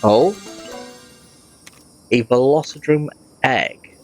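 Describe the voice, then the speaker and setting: A man's voice: medium pitch, very slow, a little mellow, faint music behind. A man giving casual let's-play commentary, rambling and often correcting himself mid-sentence.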